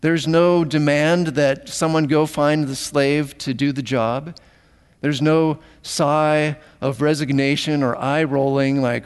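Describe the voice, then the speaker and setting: A man preaching from the pulpit with a fairly high voice. He delivers his sermon with animated, emphatic phrasing and repeats words for emphasis. The sound rings with a long hall reverb, as in a church sanctuary. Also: slow, clear, resonant tone. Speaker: pastor.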